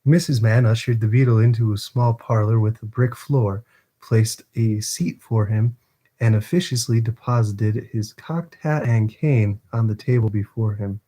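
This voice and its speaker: A man with a mellow, relaxed voice hosts a casual live stream, chatting to viewers and reading a novel aloud. He laughs easily and trips over longer words as he goes. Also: fairly low pitch, moderate pace.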